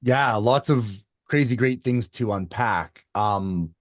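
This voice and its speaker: A man in his fifties, an endurance athlete guest, telling his story in an interview with lively energy and many restarts. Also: medium pitch, takes it slowly, no room sound, studio quality. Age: 50s.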